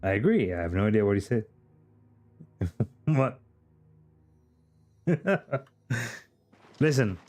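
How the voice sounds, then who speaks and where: A man's voice: fairly low pitch, very animated, slow, pauses often, a little mellow, soft background music. A man from Britain, streaming a video game with casual, jokey and profane commentary to his chat.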